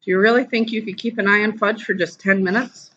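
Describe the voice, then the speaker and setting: A teacher reading aloud and voicing a worried mother of two young boys, gentle and anxious. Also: mid-range voice, fairly even intonation, fast talker, lo-fi sound, voice pushed up.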